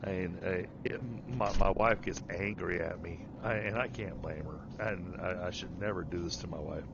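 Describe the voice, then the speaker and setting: A man's voice: low voice, normal speed, gravelly. A man streaming a game and chatting casually, rambling with many restarts and self-deprecating asides. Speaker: streamer and project manager. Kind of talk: casual chat while gaming. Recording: dull lo-fi mic with noise.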